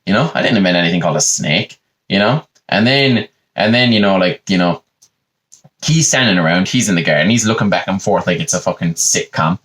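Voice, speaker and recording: A man's voice: sits low, lively intonation, brisk, fairly bright tone. A man hosting a comedy podcast, telling a rambling, profane comic story in a casual conversational way.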